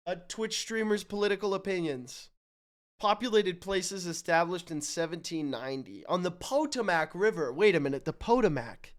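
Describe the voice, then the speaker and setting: A man from Canada streaming live, thinking out loud while he guesses, hyped up and swearing freely. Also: high voice, expressive, normal speed. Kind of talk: casual live-stream commentary.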